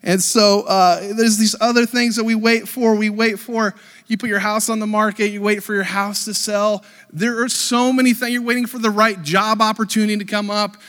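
A man in his thirties, a pastor, giving a lively, joking live sermon to his congregation, with lots of fillers and restarts. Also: sits high, normal speed. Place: church sanctuary with a congregation. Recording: long reverb of a church hall.

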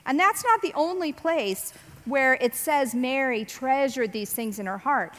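A woman giving a casual, animated Bible teaching on parenting, acting out voices as she quotes. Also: sits high, a little slow. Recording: long reverb.

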